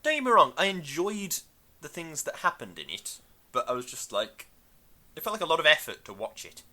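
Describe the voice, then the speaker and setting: A man's voice: a little high, very animated, fairly quick, bright, forceful tone. A man co-hosting a podcast, chatting casually about a film in a rambling, hesitant way with many fillers. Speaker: podcast co-host.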